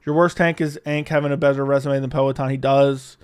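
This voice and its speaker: A man's voice: medium pitch, level tone, brisk, a little mellow, clear, resonant tone. A man hosting a live stream, reading chat and ranting in a heated, profane way. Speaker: livestream host.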